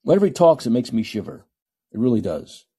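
Husky, combative male podcast host. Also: medium pitch, big pitch swings, fast talker, dark tone. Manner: combative, sarcastic ranting. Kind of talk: solo call-in podcast commentary.

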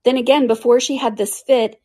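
Woman doing a muddled fussy old king, pitched up, gets worked up. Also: a little fast, close to an everyday voice. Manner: fussy, excitable muttering.

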